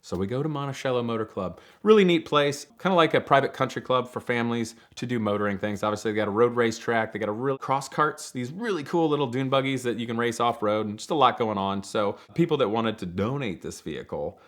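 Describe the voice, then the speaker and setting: A man casually telling a long personal story, animated, acting out other people's lines and laughing often. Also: medium pitch, quick pace, hardly any pauses. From Ohio, United States. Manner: animated, acts out quoted voices, laughs often. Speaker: storyteller, program leader.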